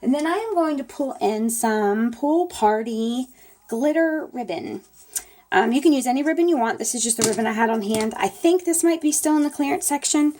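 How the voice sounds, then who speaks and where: A middle-aged woman walks viewers through a paper craft at her table. She talks in a chatty, folksy way, and her voice sounds soft and mellow. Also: sits high, animated, normal speed. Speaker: craft demonstrator. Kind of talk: casual crafting tutorial.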